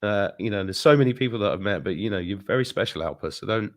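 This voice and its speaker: A man's voice: on the low side, expressive, fast. A man guest in a casual chat, earnestly praising the host, repeating himself and swearing now and then.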